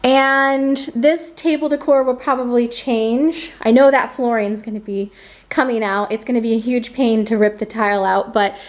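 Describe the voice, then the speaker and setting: A woman's voice: a little high, fairly even intonation, moderate pace. A young woman giving a casual, enthusiastic tour of her home's decor as a vlogger, chatting about her favorite pieces. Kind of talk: casual home tour walkthrough. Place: indoors in her own home, furnished living room.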